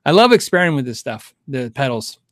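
A man's voice: medium pitch, sing-song, fast, fairly bright tone, no echo, studio quality. A middle-aged man hosting a casual livestream Q&A, rambling and thinking aloud with frequent restarts and chuckles. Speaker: guitar show host answering viewer questions.

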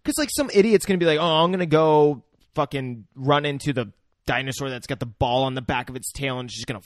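Dude on a podcast going "bro, that's crazy", casual and sweary, dry mic. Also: male voice, medium pitch, no room sound. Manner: reactive, agreeing, quick incredulous asides. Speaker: podcast co-host. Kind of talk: casual profane chat.

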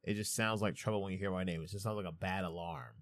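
A man in his thirties co-hosting a podcast, chatting casually, playful and animated, swearing freely. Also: deep voice, fast talker, no room sound, clean studio sound. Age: 30s. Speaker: podcast co-host. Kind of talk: casual chat. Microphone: studio microphone.

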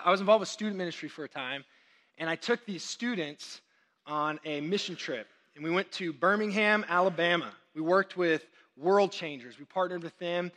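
A young Texan man preaching a sermon as a pastor, telling stories with quick asides. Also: on the high side. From Texas. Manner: animated storytelling with quick asides.

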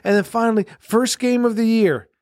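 A man co-hosting a comedy podcast, riffing absurd scenarios and acting them out with yelps and shouts. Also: extremely high pitch, normal speed, no echo, clean studio sound. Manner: animated, acts out scenes with yelps and shouts. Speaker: podcast co-host.

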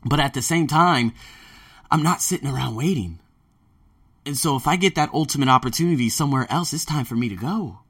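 A man hosting a casual monologue podcast as a language teacher working abroad, telling stories in an animated way and swearing freely. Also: mid-range voice, a little fast. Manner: animated storyteller who acts out his own quotes, swears freely. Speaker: podcast host.

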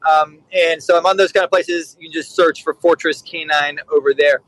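A man's voice: a little high, steady tone, normal speed, a bit bright, dry recording, poor audio. A middle-aged man, a podcast guest who trains dogs, telling stories in a candid, blunt way. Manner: candid, blunt, acts out quotes. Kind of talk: casual storytelling.

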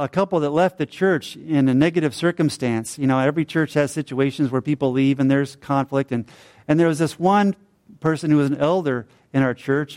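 Middle-aged male preacher, slightly high voice, chatty storytelling sermon delivery. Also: darkish tone. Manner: conversational storytelling with fillers and tag questions.

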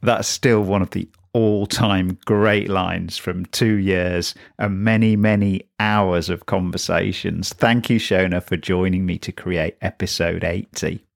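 A man's voice: sits low, steady tone, a little slow, vocal fry, few pauses. A man hosting a podcast, chatting with a guest and then introducing the next clip. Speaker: podcast host. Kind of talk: casual conversation and host links.

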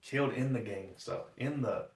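A man's voice: mid-range voice, normal speed. A man giving a tearful, shaky personal testimony, acting out the dialogue in his story. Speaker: guest. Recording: echoey room, mic at a distance.

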